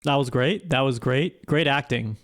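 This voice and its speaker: A man streaming live, giving halting, hesitant instructions full of fillers. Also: medium pitch, fairly bright tone. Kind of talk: casual live-stream chat.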